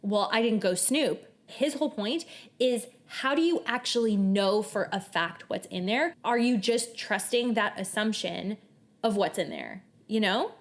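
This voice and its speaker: Casting: young adult woman, podcast co-host, earnest and animated, reads passages with feeling. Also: medium pitch, unhurried. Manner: animated, earnest, reads quotes aloud at length. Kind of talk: casual book discussion. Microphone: shared table mic.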